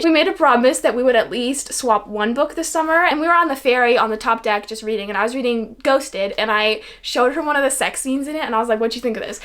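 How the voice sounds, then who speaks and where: High-voiced, chatty young woman gushing. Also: a bit bright. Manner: chatty, gushing, peppered with "like" and swearing. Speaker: book reviewer. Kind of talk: casual book review vlog.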